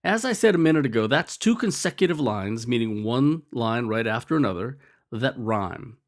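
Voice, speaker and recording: A man's voice: mid-range voice, animated, normal speed. A man narrating a scripted lesson in a wry, explanatory way. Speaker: teacher.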